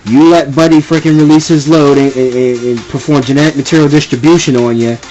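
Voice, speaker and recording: A man's voice: on the high side, steady tone, quick pace, warm tone, lo-fi sound, soft background music. A young man ranting casually and with exasperation, rambling and repeating himself. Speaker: vlogger ranting. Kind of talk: casual rant to camera.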